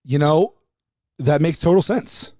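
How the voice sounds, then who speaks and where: A man's voice: fairly high pitch, measured pace, mellow, no room sound. A man co-hosting a casual podcast who teases his partner in a mock-serious way, speaking on a close microphone. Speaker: podcast co-host.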